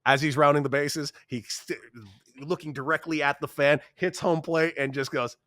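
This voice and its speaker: A man in his thirties, a podcast guest telling a story in a casual, animated way, acting out quotes with sudden jumps in voice. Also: moderate pace, no room sound, clean studio sound. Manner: animated, acts out quotes with big pitch jumps. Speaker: podcast guest, former baseball player.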